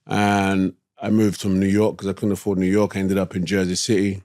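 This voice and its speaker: Low-voiced East London man telling stories. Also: level tone, brisk, a little mellow, dry recording, clean studio sound. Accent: London English. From East London, England. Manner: laid-back, slangy, drifts between thoughts. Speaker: guest. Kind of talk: casual storytelling.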